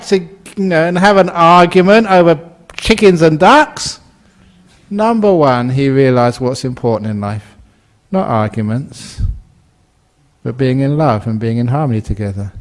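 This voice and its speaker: With a mid-range voice and a measured pace, a British monk in his sixties gives a Buddhist dharma talk. He brings his stories to life by acting out the voices, and he laughs at his own jokes.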